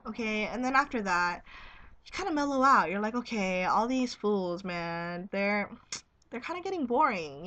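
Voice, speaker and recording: A woman's voice: fairly low pitch, bright, forceful tone. A young woman chatting casually to her camera at home, giggly and blunt, swearing freely as she talks. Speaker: vlogger.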